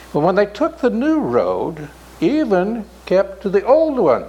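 A man telling a folk tale in an unhurried, expressive way. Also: high-pitched, rough recording. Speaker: storyteller.

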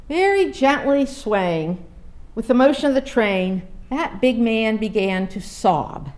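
A woman giving a sermon, reading a story aloud with an expressive, dramatic delivery. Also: a little high, takes it slowly.

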